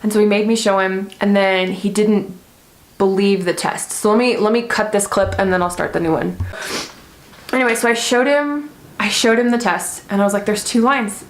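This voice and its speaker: A woman's voice: mid-range voice, fairly even intonation, moderate pace. A young adult woman vlogging, telling a personal story in a chatty, rambling way with many fillers. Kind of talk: casual storytelling vlog. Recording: echoey room.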